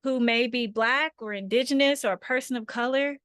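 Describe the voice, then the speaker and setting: A woman's voice: fairly high pitch, fairly quick, a bit bright, clear, resonant tone, no room sound, clean studio sound. A woman facilitating an online workshop over a video call, talking conversationally and often checking in with her listeners.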